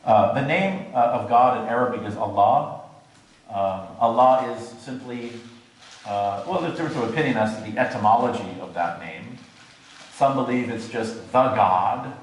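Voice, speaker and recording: A man giving a scholarly church adult education lecture, explaining words with asides and small jokes. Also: medium pitch. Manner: scholarly, jokes and laughs at his own asides. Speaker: guest lecturer. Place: large church hall. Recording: very echoey hall.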